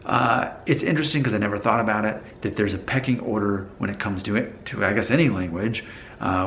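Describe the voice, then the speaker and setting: A man with an American accent and a lowish voice chats to his viewers in a relaxed, searching way, hunting for words with plenty of "uh" and "like". The room around him rings with echo, with a faint hum of ambience behind. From United States. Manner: thoughtful, hesitant, with many fillers and restarts. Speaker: vlogger. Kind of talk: casual talk to camera.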